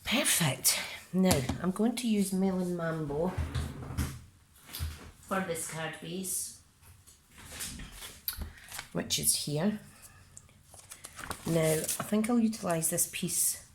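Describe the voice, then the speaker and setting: Scottish woman, relaxed unhurried craft demonstrator, chatty and self-narrating. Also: on the low side, background noise. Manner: chatty, talks herself through each step. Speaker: card-making demonstrator. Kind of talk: casual crafting tutorial.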